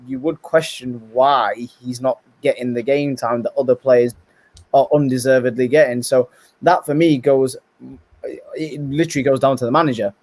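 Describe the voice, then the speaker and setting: A man giving animated, opinionated football talk as a podcast guest, often repeating words as he starts. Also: medium pitch, normal speed, no room sound. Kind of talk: casual chat, football debate.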